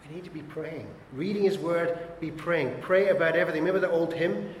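Brisk and with few pauses, a pastor with a voice on the high side preaches an emphatic, exhorting sermon built on repeated short urgings. The church hall is echoey with long reverb, and there's slight background noise.

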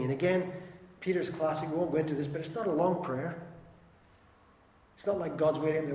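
Animated preaching man in an echoey hall. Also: on the high side, fairly quick, pauses often. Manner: animated, acts out quoted voices, swings loud and soft. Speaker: pastor. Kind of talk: sermon.

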